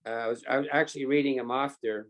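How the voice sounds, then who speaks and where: Man reciting a blessing in a steady voice. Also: medium pitch, quick pace. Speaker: regular participant reciting the blessing. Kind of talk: casual chat and liturgical recitation.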